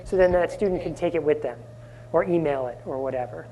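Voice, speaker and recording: A man presenting a live conference workshop, energetic and often asking the audience questions. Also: fairly high pitch, brisk, a little hiss or hum. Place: conference room.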